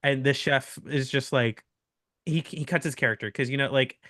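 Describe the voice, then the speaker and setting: A young man hosting a podcast, telling a long story in an animated, laughing way with many restarts. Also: mid-range voice, moderate pace, no echo, clean studio sound. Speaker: podcast host. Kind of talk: casual storytelling chat.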